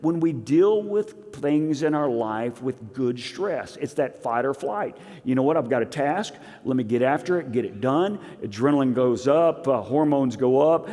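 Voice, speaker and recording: A man preaching a sermon as pastor, swinging between loud emphasis and quiet asides. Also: mid-range voice, expressive, unhurried, few pauses, long reverb tail. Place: church sanctuary.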